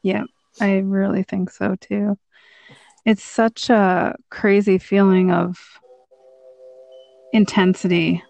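A woman hosting a podcast, chatting with a friend and encouraging her with warm agreement. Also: mid-range voice, flat delivery, slow, creaky, pauses often, no room sound, highs cut off. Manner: supportive, affirming interviewer. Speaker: podcast host. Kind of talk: casual chat.

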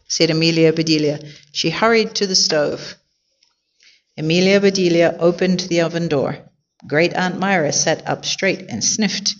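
A woman reading a children's picture book aloud in a clear, expressive way. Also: fairly low pitch, normal speed, dull audio. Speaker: storyteller.

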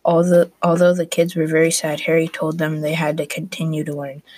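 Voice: mid-range voice, monotone, fairly quick, a little mellow, no room sound. A student narrating a class story aloud, reading plainly with small restarts.

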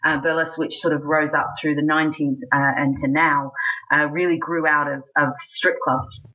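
A woman's voice: low voice, moderate pace, muffled recording. A woman in her forties from Australia, a burlesque singer and host, telling stories in a casual interview with lots of restarts. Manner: chatty, lively storyteller, many restarts, acts out quotes.

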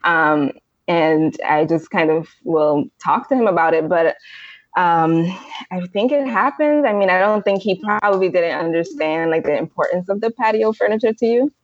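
A woman guest who coaches parents, giving advice in a relaxed, reflective way. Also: on the low side, normal speed, dry recording. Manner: relaxed, reflective, laughs easily. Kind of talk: casual advice chat. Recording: dry, muffled lo-fi audio.

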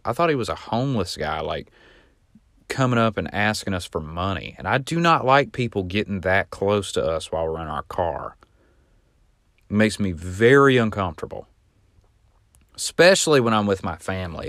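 A young man speaks in a very deep, low voice and talks casually to his listeners. He rambles through a long personal story and grows animated when he reenacts shouted lines. The sound is dry and close, with hardly any room echo. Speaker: podcast host.

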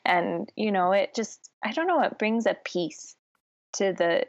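Casting note: woman, thirties, relaxed chatty guest, mid-pitched, dry close sound. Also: measured pace, dry recording, muffled recording. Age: 30s. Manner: chatty, laughing easily, many fillers. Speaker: podcast guest. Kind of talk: conversational interview.

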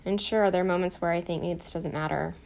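A woman guiding a self-compassion meditation, soft, calm and encouraging, telling a short personal story. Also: on the low side, quick pace, vocal fry, slight background noise. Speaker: meditation guide.

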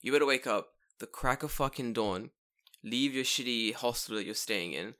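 A man chatting on a casual podcast, cursing freely and jumping into loud, exaggerated rants. His voice has a bright, forceful edge. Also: mid-range voice, normal speed. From living in Japan. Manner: profane, loud bursts of mock shouting. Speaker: podcast co-host.

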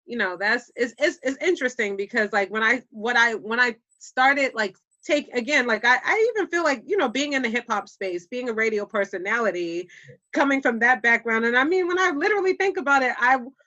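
A woman, telling stories in casual podcast chat, animated and slangy, often laughing. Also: fairly high pitch, brisk, muffled recording. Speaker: podcast guest, public speaker.

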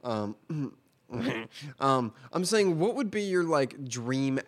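A man's voice: mid-range voice, sing-song, takes it slowly. A young man co-hosting a casual podcast, swearing and laughing freely as he chats. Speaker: podcast co-host.

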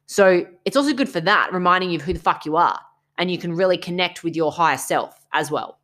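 A woman's voice: lowish voice, brisk, fairly bright tone. A young woman co-hosting a podcast, talking bluntly and emphatically and swearing freely in casual chat. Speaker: podcast co-host.

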